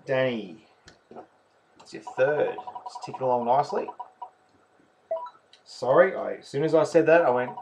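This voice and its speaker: A man's voice: medium pitch, expressive, a little slow, vocal fry, long pauses, noisy background. A man with an Australian accent, hosting a live raffle and commentating each name as it is drawn. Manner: chatty, calls names and counts spots. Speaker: raffle host.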